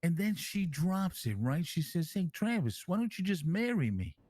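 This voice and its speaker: Male player as a swaggering, foul-mouthed mob king; rambling, animated talker, slightly high voice, dry sound. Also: moderate pace, no room sound. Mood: boastful. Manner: rambling storyteller, swears constantly, lively and animated. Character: brash crime-family man calling himself king, crude. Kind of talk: online role-play in character.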